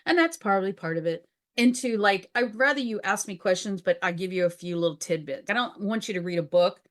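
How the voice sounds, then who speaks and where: A woman's voice: medium pitch, brisk, a bit bright. A woman co-hosting a podcast, talking frankly and casually, laughing often and acting out bits of dialogue. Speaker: podcast co-host. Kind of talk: casual candid chat.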